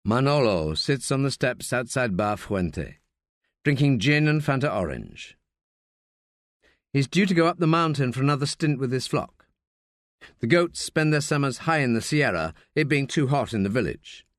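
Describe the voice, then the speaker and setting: A man's voice: mid-range voice, dry recording, studio quality. A man reading an audiobook as narrator, voicing the characters as he goes. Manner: slow, lively reading with voiced characters. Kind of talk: scripted narration.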